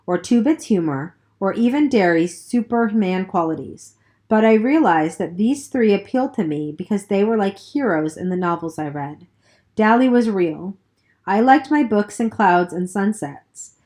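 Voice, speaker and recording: A woman reading a novel aloud in a steady first-person narration, with the occasional slip. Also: mid-range voice. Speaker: reader.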